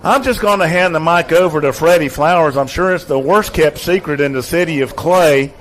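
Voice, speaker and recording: A man's voice: on the high side, fairly quick, fairly bright tone, lightly acted, rough recording. A man impersonating a choked-up stadium announcer. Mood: emotional farewell. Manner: choked-up, sentimental farewell address. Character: tearful older male stadium announcer signing off.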